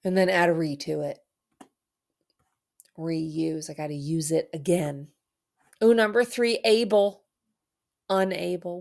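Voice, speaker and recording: A woman's voice: fairly low pitch, measured pace, gravelly, long pauses, darkish tone. A woman teacher giving an online reading lesson for children, playful and theatrical, with dramatic mock sadness.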